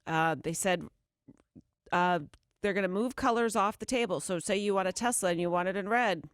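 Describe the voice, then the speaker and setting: A woman's voice: medium pitch, dry recording, clean studio sound. Woman reading morning radio news items. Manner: brisk newsy delivery, quick laughs. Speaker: radio co-host. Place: radio studio. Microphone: studio microphone.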